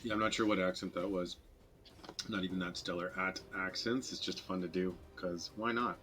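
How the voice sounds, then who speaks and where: A man streaming a digital card game, giving casual, self-deprecating commentary as he thinks his plays through out loud. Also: sits low, steady tone, normal speed, a little hiss or hum.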